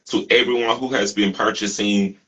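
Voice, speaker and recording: A man's voice: fairly low pitch, fairly even intonation, normal speed, fairly bright tone, lo-fi sound. A man hosting a talk show, earnestly thanking his guest and viewers. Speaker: host. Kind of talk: casual talk show sign-off.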